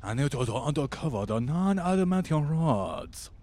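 A man's voice: fairly high pitch, big pitch swings, moderate pace, a little mellow, dry recording. A man voicing a pushy former archduke of hell, drawling with a thick put-on accent. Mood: demanding.

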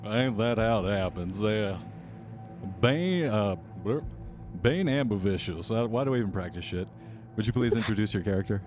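Low-voiced guy running a tabletop game, chill and offhand. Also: moderate pace, a little mellow, faint music behind. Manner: casual, offhand. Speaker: game master.

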